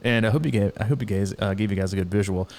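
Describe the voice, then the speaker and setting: A man's voice: lowish voice, very fast. Rambling, laughing male podcast host. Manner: rambling, animated, laughs often, many restarts. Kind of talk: casual chat, storytelling.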